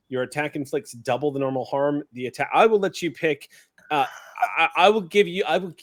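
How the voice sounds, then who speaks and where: A man's voice: fairly high pitch, a bit bright. Man narrating as game master. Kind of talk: narrating a tabletop horror game.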